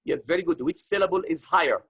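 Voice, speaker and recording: A man's voice: fairly high pitch, animated, fast, fairly bright tone, slightly rough, no room sound, poor audio. A man teaching an online grammar lesson, patient, repeating points with many fillers. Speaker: English teacher.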